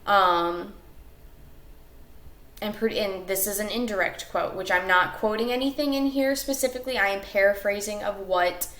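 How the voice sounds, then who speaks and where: A woman teacher explains a class lesson in a recorded video. She goes step by step, with some fillers and self-corrections. Her voice sits at a middle pitch and bounces around a roomy space. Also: fairly even intonation, normal speed, a bit bright.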